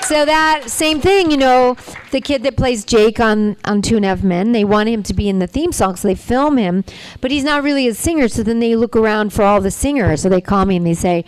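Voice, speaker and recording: A woman's voice: mid-range voice, fairly quick, hardly any pauses, darkish tone, clear, resonant tone, no echo. A woman voice actor chatting on a convention panel, answering fan questions in a playful, chatty way. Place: convention hall panel room. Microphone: handheld microphone.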